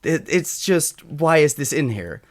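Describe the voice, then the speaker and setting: A man's voice: a little high, big pitch swings, measured pace. A man from Europe co-hosting a podcast, giving a frank, sardonic film review in casual chat, swearing freely. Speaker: podcast co-host.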